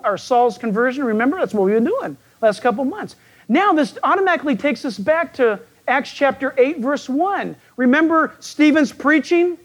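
A man with a very high-pitched, croaky voice that sounds like a frog delivers a folksy sermon. He's a pastor who cracks jokes and puts questions to his listeners.

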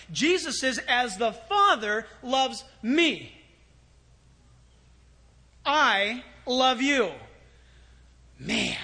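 A man preaching a sermon as pastor, animated, swinging from loud exclamations to hushed storytelling. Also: extremely high pitch.

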